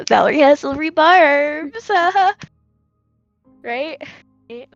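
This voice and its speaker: A woman playing a tabletop game, excitable and quick to interrupt. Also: sits high, no echo, soft background music. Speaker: player. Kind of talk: casual tabletop role-play. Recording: dull, dry lo-fi mic.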